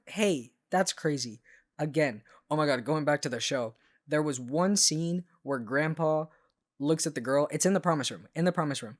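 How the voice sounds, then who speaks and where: A man co-hosting a relaxed podcast conversation, talking with a slightly higher pitch than most men. His delivery is animated and expressive. He breaks into playful exclamations as he reacts to the topic. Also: moderate pace. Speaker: podcast co-host. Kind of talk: casual chat.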